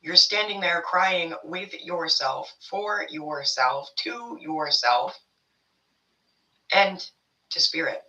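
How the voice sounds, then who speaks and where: A woman's voice: deep voice, takes it slowly, pushed and bright, distant mic, muffled recording. A woman giving a casual spiritual tarot reading to her viewers, rambling and blunt, swearing freely as she talks. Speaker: tarot reader.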